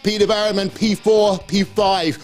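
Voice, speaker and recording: A man presenting a live esports broadcast, recapping the results in an energetic, chatty way. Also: high-pitched, moderate pace, faint music behind.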